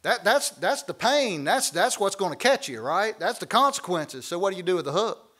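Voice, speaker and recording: A man leading a church Bible study, preaching with animated, folksy asides. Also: sits high, moderate pace. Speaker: pastor.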